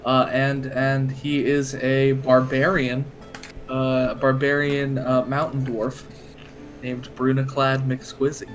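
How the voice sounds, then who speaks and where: A man describing his tabletop character slowly, with many hesitations. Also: medium pitch, monotone, soft background music. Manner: slow and hesitant, many uhs. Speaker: player.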